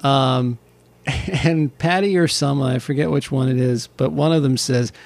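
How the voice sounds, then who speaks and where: A man co-hosting a casual podcast, rambling and animated as he retells jokes between laughs. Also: mid-range voice, moderate pace, gravelly, no room sound. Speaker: podcast co-host.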